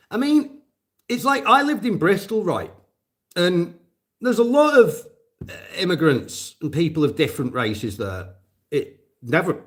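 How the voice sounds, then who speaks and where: A man casually chatting to his live audience, rambling and swearing, with lots of fillers. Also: fairly high pitch. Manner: profane, rambling, many fillers. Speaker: volunteer drone operator answering live chat. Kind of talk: casual livestream chat.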